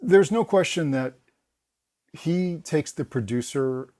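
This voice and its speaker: A man, a guest on a podcast, telling behind-the-scenes anecdotes in a casual, animated way, often laughing and restarting his sentences. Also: fairly high pitch, slow. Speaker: guest, former film production assistant. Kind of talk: casual interview storytelling.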